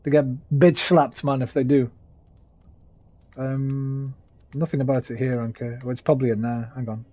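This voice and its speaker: Husky-voiced man chatting on a stream. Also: medium pitch, flat delivery, normal speed, lo-fi sound. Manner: chatty, swears freely, greets viewers by name. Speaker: gaming streamer. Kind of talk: casual live-stream chat while playing.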